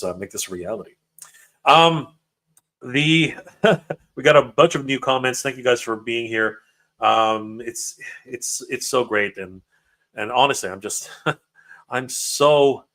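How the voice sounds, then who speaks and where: A man's voice: medium pitch, a bit bright. Emotional man stammering through a livestream. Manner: stammering, tripping over his words. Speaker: livestream host reading comments. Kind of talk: casual livestream chat.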